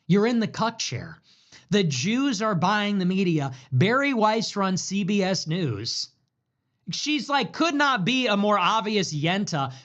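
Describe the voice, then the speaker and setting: High, lively ranting man. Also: muffled recording. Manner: profane, sarcastic, trailing off into low asides. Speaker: political commentator. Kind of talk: rambling ranting commentary.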